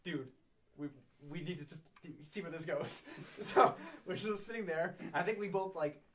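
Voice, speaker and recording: A man's voice: high voice, moderate pace, fairly bright tone. A young man telling funny stories in a casual chat with friends, laughing often and swearing freely. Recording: distant from the mic.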